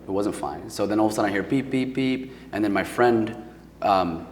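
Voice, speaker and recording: A man's voice: lowish voice, brisk, a little mellow, big-room sound, slight background noise. A man from New Jersey telling a personal story as a guest, in a casual, emotional way full of "like" and "um". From Paterson, New Jersey. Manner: casual and emotional, heavy with fillers. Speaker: podcast guest.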